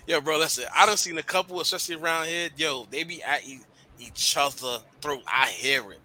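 A young man hosts a casual podcast and speaks bluntly about relationships. His voice is very bright, and his talk is loose, slangy and full of swearing. He gets animated as he makes his points. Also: on the high side, normal speed, slight background noise. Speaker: podcast host.

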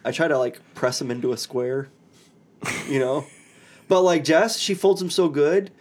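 A man in his thirties co-hosting a casual podcast, telling stories with animated, mock-serious humor. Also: on the high side, moderate pace. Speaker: podcast co-host. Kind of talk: casual chat.

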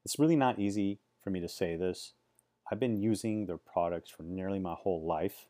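A man's voice: low-pitched, moderate pace, mellow. A man, giving chatty, sarcastic vlog commentary full of rambling asides. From Silicon Valley, USA. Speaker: vlogger.

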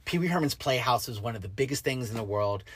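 Woman podcast co-host, very low voice, lively and teasing, casual banter. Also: fast talker, slight background noise. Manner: animated, incredulous, laughs often.

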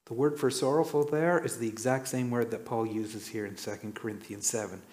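A man preaching a sermon, telling stories and acting out quoted lines with sudden jumps in pitch. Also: fairly even intonation, brisk, a little mellow. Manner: storytelling, acts out quotes with dramatic pitch jumps.

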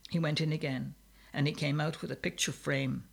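A man reading a story aloud in a measured, steady narration. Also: on the high side, vocal fry, breathy edge.

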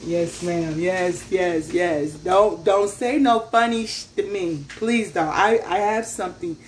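A woman's voice: fairly low pitch, measured pace, a little hiss or hum. Laughing, chatty woman reading tarot. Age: adult parent. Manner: chatty, laughing often, slangy asides. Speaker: tarot reader.

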